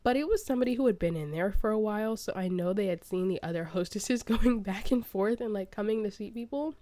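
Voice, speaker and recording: A woman's voice: mid-range voice, fast, dry recording. Chatty young woman vlogger, dry sound. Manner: chatty, animated, laughs often. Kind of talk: casual storytime while playing a building game.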